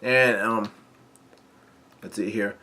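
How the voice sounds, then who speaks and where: A man reading through a manga chapter aloud in a casual, halting way, with many fillers and restarts and frequent chuckles. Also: lowish voice, steady tone, bright, forceful tone, slight background noise. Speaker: manga reader and commentator.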